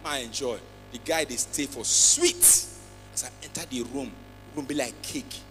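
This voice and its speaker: A man with a Nigerian accent doing a stand-up comedy routine on a big festival stage, switching between Pidgin and English with loud acted outbursts. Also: medium pitch, moderate pace. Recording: long hall reverb, faint music.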